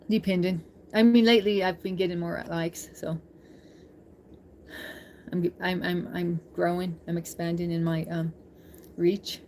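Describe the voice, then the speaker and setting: A woman's voice: lowish voice, a little hiss or hum. A woman live-streaming, chatting casually with her viewers, laughing often and reading chat aloud.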